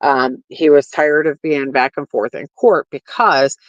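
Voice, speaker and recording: A woman's voice: low-pitched, a little slow, dry recording. Blunt, swearing woman ranting to viewers. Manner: blunt, heavy swearing, many fillers; addresses viewers directly. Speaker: commentary streamer. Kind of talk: casual opinion rant. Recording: dull lo-fi stream audio.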